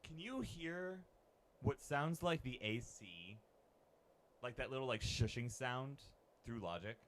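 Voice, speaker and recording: A man's voice: medium pitch, animated, takes it slowly, a bit bright. A man streaming live in casual chat, rambling in a playful, self-deprecating way.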